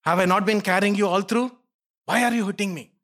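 A man's voice: high voice, brisk, a bit bright, voice pushed up. A man preaching, voicing a patient donkey that complains about being beaten. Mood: aggrieved. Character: patient, wronged talking donkey.

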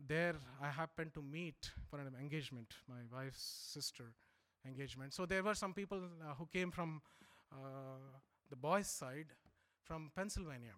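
A middle-aged man from India, preaching a sermon and swinging from loud emphatic lines to low quiet asides. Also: moderate pace.

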